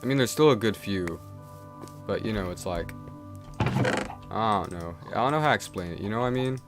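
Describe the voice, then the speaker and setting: A man's voice: on the low side, animated, normal speed. A young man, streaming a game and chatting casually in a rambling way, full of fillers and restarts. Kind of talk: casual rambling chat while playing a game. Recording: game music playing clearly behind the voice.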